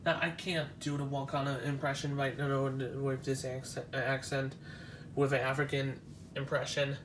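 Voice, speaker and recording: A man vlogging as he walks through an exhibition, talking in a halting, nostalgic way with frequent restarts. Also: medium pitch, flat delivery, noisy background. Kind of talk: casual walk-through commentary.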